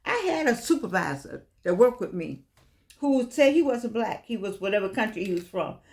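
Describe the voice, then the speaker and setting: An older woman speaks in a solo vlog. She talks emphatically and preachily, hammering her points home by repeating phrases. Her voice sits at an ordinary middle pitch for a woman. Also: sing-song, normal speed, a little mellow. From United States. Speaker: vlogger. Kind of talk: impassioned monologue.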